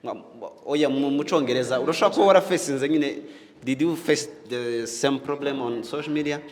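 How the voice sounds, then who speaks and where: A man's voice: mid-range voice, brisk, big-room sound. A man hosting a panel discussion, asking questions and mixing in English words. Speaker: host.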